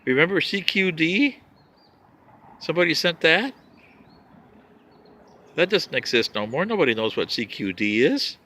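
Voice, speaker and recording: Animated, bright-voiced lecturing man. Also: on the high side, unhurried, long pauses. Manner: lecturing, animated, with scoffing asides. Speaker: vlogger. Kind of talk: rambling monologue addressing humans as an outsider.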